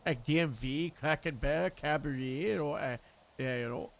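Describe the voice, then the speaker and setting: Man, high voice, gravelly fry, hesitant, lots of uh, roleplay streamer. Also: moderate pace, slight background noise. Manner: hesitant, full of uh fillers. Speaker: streamer playing a police lieutenant. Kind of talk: in-character roleplay chat.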